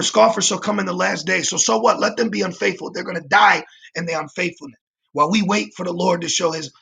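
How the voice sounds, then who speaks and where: A man with a high voice, roughened by a gravelly fry, preaches over a livestream. He reads scripture aloud and drives each point home, often tagging "man" onto his lines and stumbling through fillers and restarts. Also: fairly bright tone. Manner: emphatic, repeats "man" as a tag; halting, with frequent fillers and restarts. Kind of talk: livestreamed sermon with scripture reading.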